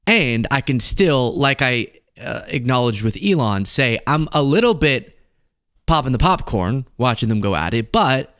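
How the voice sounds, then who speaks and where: A man's voice: medium pitch, measured pace, clear, resonant tone, no room sound, studio quality. Sarcastic male political show host. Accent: Texan. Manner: sarcastic, animated, laughs at his own points. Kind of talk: casual political commentary.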